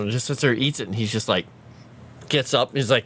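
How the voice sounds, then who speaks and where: Chatty bright-voiced man streaming. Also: mid-range voice, fast, slight background noise. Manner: rambling, chatty, reads chat aloud. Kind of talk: casual livestream chat.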